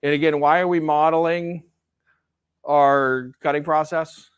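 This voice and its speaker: A man's voice: on the high side, fairly even intonation, a little slow, smooth. A male professor giving a classroom lecture in a conversational way, often checking in with "right?". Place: lecture hall.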